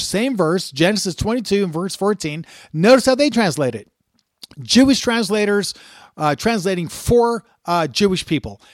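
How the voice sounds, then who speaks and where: In clean studio audio with no room sound, a man with a high-sitting voice delivers sermon-style scripture teaching. He's an emphatic Bible teacher who reads passages out loud, stresses key words by repeating them, and often restarts with "uh" fillers.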